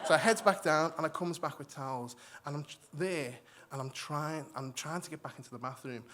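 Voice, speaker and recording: A man telling a live story on a hall stage, his voice pitched a little higher than most men's. He is animated, acts out the people in his tale and keeps restarting his sentences. A faint hiss sits under the recording. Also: fairly quick, few pauses. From migrated to Australia. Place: stage in a hall before an audience.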